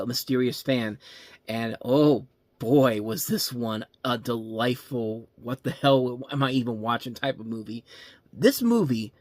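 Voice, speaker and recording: A man tears into bad movies in a loose, animated rant, swearing freely and mocking the actors. His voice sits at an ordinary middle pitch, and the sound is dry and close with no room around it. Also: no echo. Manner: ranting, animated, swears freely, mocks line readings. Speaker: movie reviewer. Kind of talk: casual ranked review commentary.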